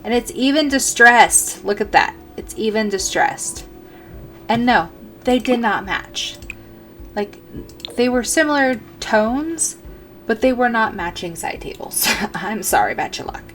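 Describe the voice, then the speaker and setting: A woman's voice: fairly high pitch, lively intonation, a little slow, a bit bright, soft background music. Rambling woman narrating a game build. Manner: rambling, self-correcting, thinking aloud. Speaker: gaming video creator. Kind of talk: casual commentary while building in a game.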